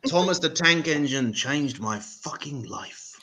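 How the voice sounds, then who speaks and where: An English man hosting a stand-up comedy show, talking to the audience with sarcastic, swearing asides and deadpan jokes, on a stage mic in a live venue. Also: medium pitch, takes it slowly, a little hiss or hum, poor audio.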